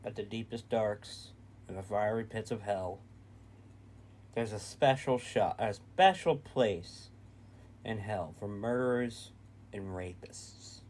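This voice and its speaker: A man with a somewhat low voice, co-hosting a casual reaction video. He is blunt and opinionated and swears freely. Faint background noise hums behind him. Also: slow, darkish tone. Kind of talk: casual chat.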